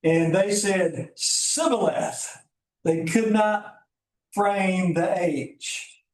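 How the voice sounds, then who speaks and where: A middle-aged Bible teacher with a Southern Alabama accent, speaking in a relaxed, folksy lecture style with chatty asides. His voice sits a bit high for a man. It is picked up from some distance in a reverberant classroom. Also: drawn-out words. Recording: roomy classroom audio from a distant mic.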